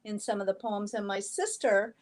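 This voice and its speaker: A woman poet from the American South being interviewed, talking thoughtfully with pauses and ums, with a faint Southern trace in her accent. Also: medium pitch, darkish tone. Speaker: poet and author guest. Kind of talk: casual interview conversation.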